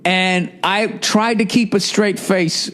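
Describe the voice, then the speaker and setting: A man's voice: sits high, steady tone, slow pace, fairly bright tone. Profane, rambling male comedian storyteller. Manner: profane and rambling, with many asides. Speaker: podcast host.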